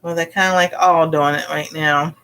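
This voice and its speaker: Bright-voiced rambling woman vlogger. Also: sits low, fairly even intonation, moderate pace, smooth. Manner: rambling, with many fillers and exclamations. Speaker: home cooking vlogger. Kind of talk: casual personal storytelling. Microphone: livestream.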